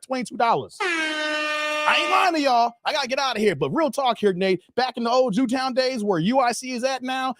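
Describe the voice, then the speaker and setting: A man hosting a casual livestream, animated and laughing often as he talks straight to his viewers. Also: very high-pitched, no room sound, studio quality. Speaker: channel host.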